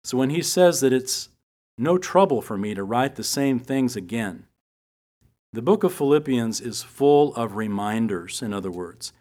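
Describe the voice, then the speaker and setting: A middle-aged man teaching from the Bible, telling personal stories in a relaxed, humorous way. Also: medium pitch, measured pace. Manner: conversational storytelling with humor.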